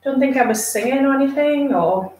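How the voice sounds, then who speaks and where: A fairly high-voiced woman chats casually to her viewers while grooming her dog, slipping into cooing baby talk for the dog. She sits back from the mic in a roomy space. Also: brisk, a little mellow, recorded from a distance. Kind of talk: casual live chat with viewers.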